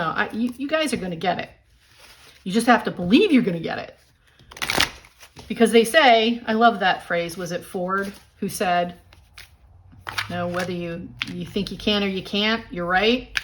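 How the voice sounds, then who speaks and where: A woman's voice: fairly low pitch, a bit bright. Upbeat woman giving a tarot reading. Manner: upbeat and encouraging, addresses viewers directly. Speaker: tarot reader.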